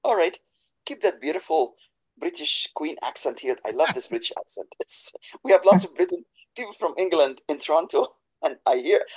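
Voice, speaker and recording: A man speaks over a video call with a mellow, slightly husky voice. He teaches in a webinar and piles on praise. His English is slightly broken. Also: a little high, low-quality recording. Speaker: practitioner and instructor. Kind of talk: webinar talk.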